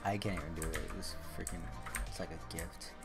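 A young gaming streamer with a deep voice chats casually while playing, rambling, getting excited, and teasing the people he talks with. Music plays beneath his voice on the stream, along with game music and keyboard typing.

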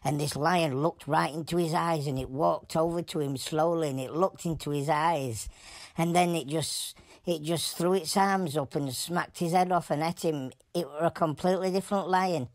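A woman voicing an animal who tells a rambling story in broad Yorkshire dialect, deadpan and plain-spoken. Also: sits low, moderate pace, no room sound. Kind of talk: comic animal voice-over.

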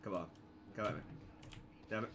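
A man's voice: on the low side, normal speed, noisy background. A young man commentating casually on his own gameplay, sweary and sarcastic, with sudden yelps and laughs.

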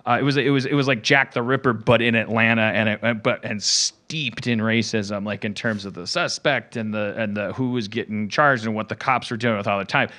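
A man's voice: fairly low pitch, a little fast, hardly any pauses, sharp tone. A man hosting a podcast in casual comedic chat, rambling with lots of fillers and frequent laughter. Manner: rambling, full of fillers and restarts, laughing often. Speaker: podcast host.

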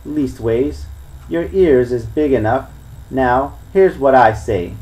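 A man's voice: medium pitch, slow pace, darkish tone, close to an everyday voice, low-quality recording. A man reading a crafty old pirate boss. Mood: lecturing. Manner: coaxing, lecturing sea talk. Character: crafty older male pirate, smooth-talking and commanding.

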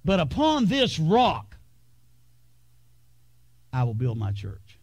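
A man delivers a sermon from the pulpit in a fairly high voice. He builds with dramatic pauses and sometimes sinks to a hush. The recording is close and dry, with little room sound. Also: huge pitch swings, no room sound. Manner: preaching with dramatic pauses and sudden hushed drops. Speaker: pastor. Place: church sanctuary.

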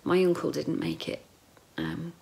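Gravelly low-voiced woman vlogging. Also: measured pace, a little mellow. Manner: emotional, rambling, drifts into whispers. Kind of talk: casual personal video diary.

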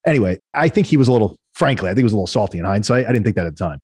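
Fast-talking husky man telling war stories. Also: lowish voice, no room sound, clean studio sound. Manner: animated, acts out quoted voices. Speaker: guest entrepreneur. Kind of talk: conversational storytelling.

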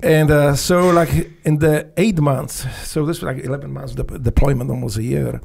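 A middle-aged Polish man with a Polish accent, a former Navy SEAL, tells stories as a guest in a casual podcast interview. His gravelly voice is fairly high and moderately paced. He's animated, swears freely, acts out dialogue, and laughs often.

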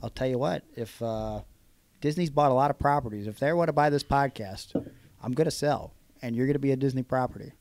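A man's voice: mid-range voice, a little fast, a little mellow, dry recording. A man hosting a podcast in casual chat, teasing his co-host with mock outrage.

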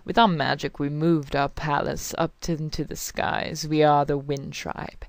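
A woman reading the lines of a solemn old male tribal elder from a video game, slow and grave. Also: sits low, level tone, no room sound.

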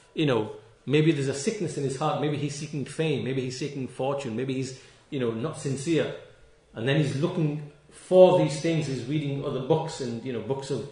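A man's voice: mid-range voice, reverberant. A man giving a religious lecture, stern and emphatic, repeating key phrases and stretching words for stress. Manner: stern and reproachful toward critics. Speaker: Islamic lecturer.

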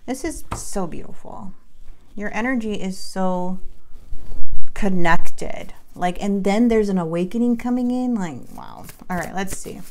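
A woman's voice: mid-range voice, lively intonation, unhurried, darkish tone. A woman giving a casual tarot reading to her viewers in an upbeat, chatty way, often checking in with "okay?". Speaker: tarot reader.

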